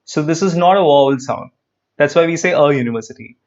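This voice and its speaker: A man's voice: on the high side, quick pace, a little mellow, highs cut off. A man teaching an English grammar class live online, repeating key phrases and asking students questions. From India.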